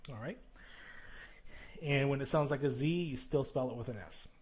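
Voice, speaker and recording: A man's voice: medium pitch, moderate pace, darkish tone, husky. A male teacher explaining plural sounds in a video lesson, talking straight to the viewer, checking in with "okay?" and exaggerating the sounds he demonstrates. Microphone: recording while flipping through a textbook.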